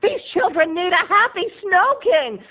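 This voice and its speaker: A woman's voice: very high voice, lively intonation, unhurried, voice pushed up. A man shrieking as a bossy costume lady. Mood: scolding. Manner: shrieking, scolding, clipped. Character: shrill bossy woman costume designer. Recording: tinny phone-like sound.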